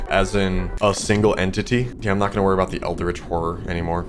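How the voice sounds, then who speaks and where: A man's voice: sits low, fairly even intonation, fast talker, hardly any pauses, over music. A man streaming a game, chatting in a jokey, nervous way and calling the characters bestie. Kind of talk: casual gameplay commentary.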